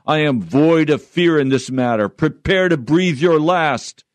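A man's voice: a little high, a little slow, no room sound, pitched above the performer's own voice, natural voice. A man voicing a raging male demon who shrieks threats and hatred while reading a storybook aloud. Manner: shrieking, hideous rage.

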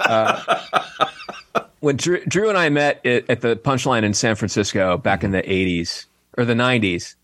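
A middle-aged man, a comedian, telling jokes in casual chat, animated and laughing at his own punchlines. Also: mid-range voice, a little slow, long pauses. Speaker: comedian guest.

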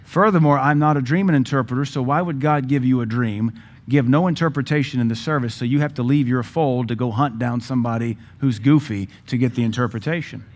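A pastor preaching to his church in a lively, joking way. He hammers points home with sudden emphatic bursts, then drops back to plain talk, a man in mid-sermon. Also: mid-range voice, brisk.

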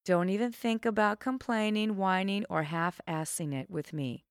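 A middle-aged woman hosting a self-help podcast, talking in an emphatic, animated coaching tone with sudden high swoops for emphasis. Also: moderate pace, dry recording, studio quality. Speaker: podcast host and trainer.

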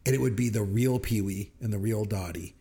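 A man co-hosting a podcast, recounting movie scenes with enthusiasm and quick quoted voices. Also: fairly low pitch, mellow. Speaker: podcast co-host. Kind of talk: casual movie review chat.

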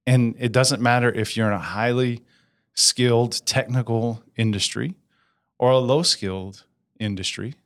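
Energetic man in a casual interview. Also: mid-range voice, unhurried. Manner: energetic, asks for agreement with frequent "right?". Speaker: business implementer, guest.

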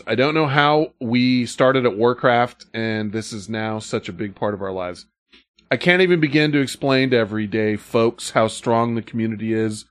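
Lively, playful male podcast host. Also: lowish voice, no room sound, studio quality. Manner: playful, laughs often, reads letters aloud. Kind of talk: casual chat, reading listener messages.

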